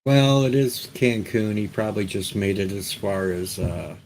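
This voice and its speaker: A man's voice: lowish voice, fairly even intonation, moderate pace, gravelly, a little mellow, rough recording. A man hosting a radio show, trading dry jokes in casual on-air chat. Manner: joking, dry banter.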